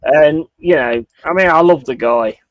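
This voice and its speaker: A man's voice: a little high, unhurried, no room sound. A man hosting a casual chat, talking bluntly and swearing freely. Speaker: podcast host.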